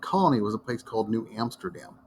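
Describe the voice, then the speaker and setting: A man's voice: on the low side, expressive, fast, a little mellow, a little hiss or hum. A middle-aged man from Iowa giving a casual history lesson, telling stories in a folksy, wandering way. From Iowa, United States. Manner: folksy, digressive storyteller. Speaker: history teacher. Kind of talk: casual classroom lecture.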